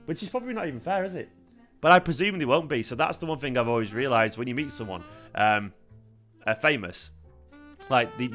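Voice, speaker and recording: A relaxed young man hosting a fan channel chats casually on a livestream, rambling with lots of fillers. His medium-pitched voice sounds tired but keeps a bright, forward edge, while soft guitar music plays faintly behind him.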